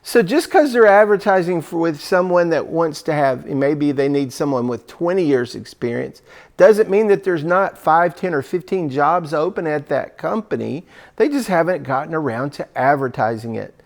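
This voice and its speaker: A man's voice: a little high, lively intonation, moderate pace, vocal fry. A man giving a conversational coaching talk to job seekers, acting out sample phone calls as he goes.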